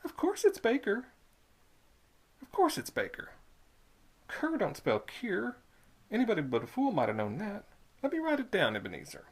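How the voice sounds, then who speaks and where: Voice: mid-range voice, wildly swooping pitch, slightly rough, voice pushed up, exaggerated voice. A reader voicing a sly, rustic young male tollkeeper with a folksy drawl. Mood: flustered. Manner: folksy drawl, slow and drawn-out.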